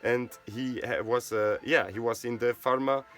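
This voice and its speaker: Over soft background music, a Swiss man whose first language is Swiss German rambles in accented English, repeatedly ending sentences with "you know" and "right?". He has a mid-range, somewhat bright voice with fairly even intonation and a moderate pace.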